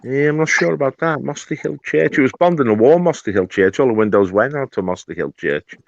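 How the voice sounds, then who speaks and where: A man's voice: medium pitch, expressive, fairly quick, creaky, no echo. A man chatting as a guest on a livestream, easygoing and agreeable. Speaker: stream guest. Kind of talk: casual chat. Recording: dull dry call audio.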